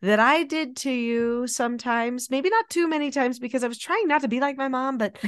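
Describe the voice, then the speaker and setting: Mom host chatting away, kinda high voice, super dry close sound. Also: female voice, a little fast, clean tone, dry recording. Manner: chatty, animated, acts out quotes. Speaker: podcast host, mother. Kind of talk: casual conversation.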